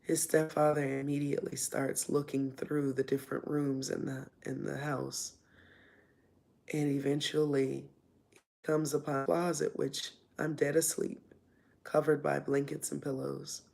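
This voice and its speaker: A woman's voice: low voice, little pitch movement, unhurried, creaky, a little mellow. A woman casually telling a personal story, rambling with lots of fillers and acting out what people said. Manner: rambling, with frequent fillers and re-enacted dialogue. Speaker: vlogger telling her life story.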